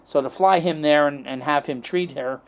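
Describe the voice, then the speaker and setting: A fairly high-pitched man talks at a moderate pace: he's a middle-aged American chiropractor appearing as a podcast guest. His anecdotes run long and rambling, with acted-out quotes and repeated "okay?" and "right?" check-ins.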